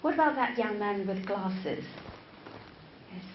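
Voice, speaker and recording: Speaking in a mid-range voice with lively intonation, a Chinese-first-language woman professor who trains English teachers delivers a slow, deliberate classroom lecture. She interacts with her audience of teachers, repeats words often, and keeps asking "right?". The lecture-room recording is echoey and a bit dull, with faint background noise.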